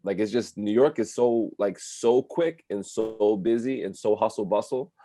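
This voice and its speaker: A man from New Jersey talks with a low, mellow voice on a dry, close recording. He speaks earnestly as a radio guest and fills his sentences with "like." The interview has a casual feel. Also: normal speed, no echo. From New Jersey, USA. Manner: earnest, with lots of "like" fillers.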